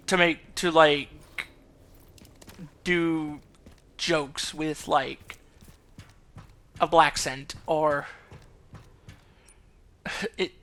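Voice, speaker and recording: High, bright jokey gaming host. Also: male voice. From US South. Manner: jokey, rambling, laughs often. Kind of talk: casual let's play commentary.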